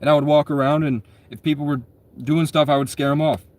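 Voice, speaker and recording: A man's voice: a little high, fairly even intonation, a little fast, dry recording. Man, twenties, casual storyteller; rambling, profane delivery, constant self-corrections. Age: 20s.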